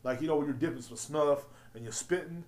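A man hosting a solo podcast, ranting in a loud, profane, rambling way. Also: fairly high pitch, a little fast. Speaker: podcast host. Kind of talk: casual solo podcast rant.

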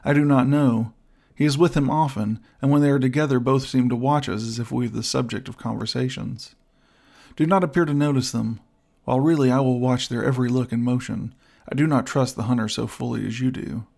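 A man's voice: mid-range voice, steady tone, a little fast, gravelly, darkish tone. A man reading the lines of a protective, cautious young male artist in a storybook. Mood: wary.

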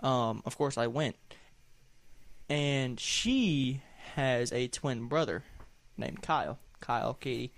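A man's voice: mid-range voice, lively intonation, slow pace, vocal fry. A young man with a Southern US accent, co-hosting a podcast and telling a long, rambling story. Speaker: podcast co-host. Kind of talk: casual chat.

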